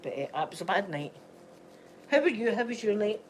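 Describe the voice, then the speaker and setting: A woman's voice: medium pitch, very animated, fairly quick, slight background noise. A woman with a Scottish accent, unwell, chatting casually and rambling in a home vlog. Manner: chatty, rambling, laughs often. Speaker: vlogger.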